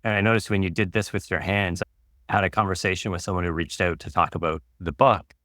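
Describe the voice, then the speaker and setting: A man with a very low, deep voice, speaking as a guest in a calm, musing way. He lingers over words and ideas, and the recording is dry and close. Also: fast talker, no room sound. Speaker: author and guest. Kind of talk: reflective conversation.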